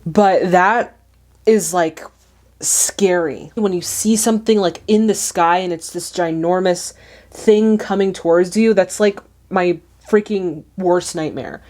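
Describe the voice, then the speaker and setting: A woman hosting a movie reaction, talking in an animated, chatty way, often exclaiming at what she sees. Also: on the low side, slow.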